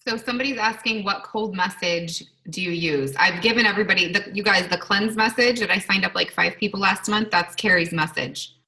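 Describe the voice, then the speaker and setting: A woman's voice: medium pitch, a little fast, bright, forceful tone. A woman hosting a video call, encouraging her guest. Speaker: host. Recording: distant video call mic.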